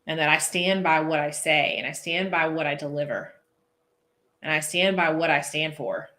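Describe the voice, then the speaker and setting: A woman's voice: sits low, moderate pace, sharp tone. A woman coaching viewers in a casual live-stream chat, chatty and goofy, laughing often and answering comments aloud. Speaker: posing coach hosting a live feed.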